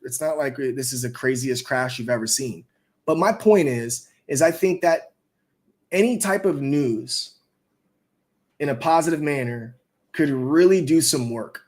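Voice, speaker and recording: A man streaming live and chatting about trading in a loose, rambling way. His pitch sits in the middle of a man's range. He swears casually and fills his talk with "you know" and "like.". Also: a little mellow.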